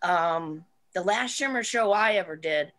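A woman's voice: on the low side, animated, a little slow, a bit bright. Rambling woman wrestler in casual chat. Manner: rambling, many fillers and restarts. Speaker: guest, wrestler.

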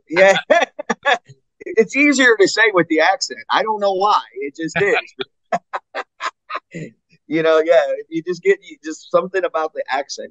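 A man and metal singer chatting in an interview, telling stories with lively acted-out quotes and frequent laughs. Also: on the high side, normal speed, dry recording, poor audio. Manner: animated storyteller, acts out fans' voices, laughs often. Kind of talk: casual interview chat.

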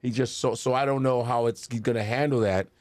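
Male comedy host, mid pitch, lively storyteller, dry close mic. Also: brisk, no echo. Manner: animated storyteller acting out voices. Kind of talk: casual chat.

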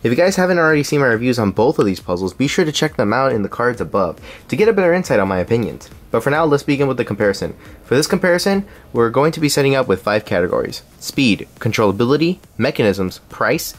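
Young man, scripted review voice-over, reads with small slips, medium pitch. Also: big pitch swings, fast. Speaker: cube reviewer.

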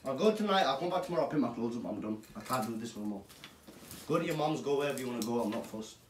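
A man's voice: medium pitch, expressive, racing. A man staging a furious argument at home, swearing and ordering someone out. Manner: angry, swearing, repetitive demands. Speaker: prank video host. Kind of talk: staged argument prank. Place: home indoors. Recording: echoey room from far off with noise.

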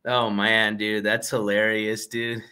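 A man's voice: lowish voice, completely flat delivery, slow pace, pushed and bright, clean tone. A man hosting a casual livestream, laughing often and rambling with fillers and restarts, turning scornful and mocking. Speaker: livestream host.

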